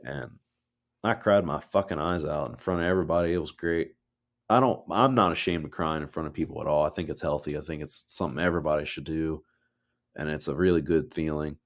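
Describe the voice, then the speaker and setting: A man's voice: rumbling low, brisk. A man co-hosting a podcast, telling personal stories in a loose, heartfelt way and swearing freely. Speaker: podcast co-host. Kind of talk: casual chat.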